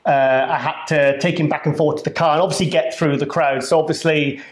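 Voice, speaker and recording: A British man tells a long, rambling story full of jokes and the odd swear word. His voice sits a little high, and the room around him sounds echoey. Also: steady tone, brisk. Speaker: co-host. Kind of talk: casual chat.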